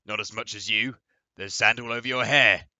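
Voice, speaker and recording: A man's voice: lowish voice, steady tone, moderate pace, sharp tone, no room sound, highs cut off. Man doing a blustering, indignant father. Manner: pompous, scolding.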